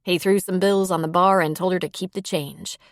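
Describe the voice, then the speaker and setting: Female audiobook reader, lowish voice, very dry close recording. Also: steady tone, fairly quick, no echo. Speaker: audiobook narrator. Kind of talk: scripted narration.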